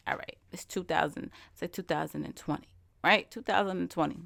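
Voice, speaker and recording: A woman's voice: fairly low pitch, moderate pace, gravelly, fairly bright tone, no room sound. A woman hosting a podcast, talking in a casual, emphatic way and asking rhetorical questions. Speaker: podcast host. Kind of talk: casual solo podcast monologue.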